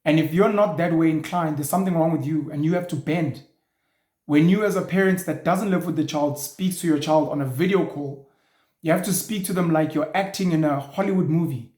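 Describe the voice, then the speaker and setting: Guy ranting hard, kinda high voice, swears a lot, echoey room. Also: a little fast, a little mellow. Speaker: show host. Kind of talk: opinionated monologue.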